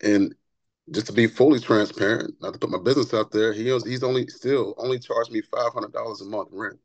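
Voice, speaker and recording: A man's voice: on the low side, a little fast, dry recording, highs cut off. Earnest man telling stories, dry sound. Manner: earnest, animated storyteller; repeats words when excited. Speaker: barber and author, podcast guest. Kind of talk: conversational interview storytelling.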